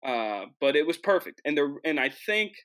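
Bright-voiced young man telling a travel story. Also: on the high side, normal speed. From United States. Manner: animated, jokey, frequent restarts. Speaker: host. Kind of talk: casual storytelling monologue.

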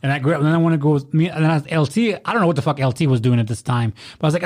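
A drunk man, his voice a little high and racing, rattles off rowdy, profane stories in casual talk. He performs the quoted lines himself, making it animated.

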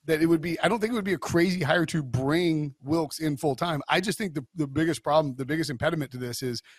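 A slightly high male voice with a quick pace and a breathy edge belongs to a sports betting podcast co-host. His blunt opinions come out casual and rambling, with frequent restarts and fillers, in a studio-quality recording without echo.

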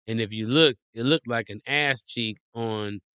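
A man riffing playfully through a comedic conversation, animated and quick to act out voices. His tone is bright and forceful, smooth and clear. The sound is dry and close, with no room around it. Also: medium pitch, no room sound. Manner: animated, playful storytelling with exaggerated quoted voices. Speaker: guest.

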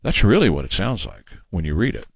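A man's voice: deep voice, huge pitch swings, a little fast, vocal fry, slightly rough, no room sound. A man hosting a political talk radio show, delivering an opinionated, emphatic and mocking monologue into a studio microphone.

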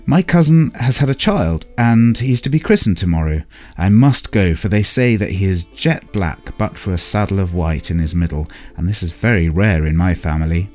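A man voicing a sly, greedy tomcat who is quick with excuses, in a lively, raised storytelling voice. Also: sits low, soft background music. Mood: eager.

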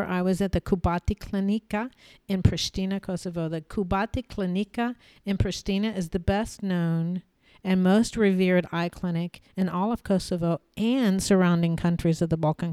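Low, mellow-voiced woman telling a story. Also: steady tone, smooth, dry recording. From United States. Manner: measured, pausing storyteller who repeats phrases for emphasis. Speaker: podcast host. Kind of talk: personal storytelling podcast.

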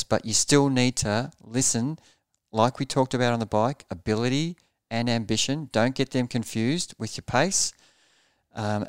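A smooth, fairly low male voice belongs to a triathlon coach being interviewed on a podcast. Earnest about pace, he repeats words as he thinks, and the studio recording is clean with no room sound.

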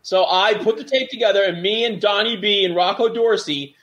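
A middle-aged former wrestler tells casual backstage stories, his voice high-pitched and his pace brisk. Animated throughout, he mimics the voices of the people in his quotes.

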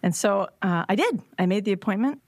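A woman's voice: medium pitch, animated, fairly quick, no echo. Laughing woman telling a story. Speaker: podcast guest. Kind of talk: casual chat.

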